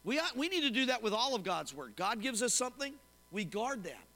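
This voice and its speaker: A man preaching a sermon as pastor to his congregation, animated and often asking them questions. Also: very high-pitched, fairly quick. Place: church sanctuary. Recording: long hall reverb.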